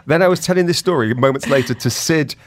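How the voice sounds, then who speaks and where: A man's voice: fairly high pitch, quick pace, no echo. A man hosting a breakfast radio show, chatting casually and laughing easily. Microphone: studio mic.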